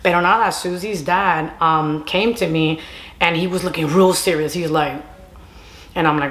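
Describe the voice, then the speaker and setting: A woman's voice: fairly low pitch, steady tone, normal speed, a bit bright. A young woman tells a personal story to camera in a chatty way, mixing Spanish phrases into her English. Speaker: storytime vlogger. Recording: roomy echo.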